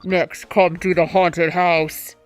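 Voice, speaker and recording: Kidnapper with a fake voice-changer sound, woman streamer doing it; slow, low, menacing. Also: level tone, soft background music. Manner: slow, lowered, forced voice-changer impression. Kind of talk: reading game dialogue aloud.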